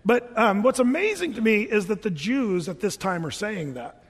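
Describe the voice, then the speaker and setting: A man preaching a sermon as a pastor, chatty and animated, sometimes chanting scripture lines. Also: sits high, normal speed, breathy edge. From Oregon. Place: church hall. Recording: reverberant church hall.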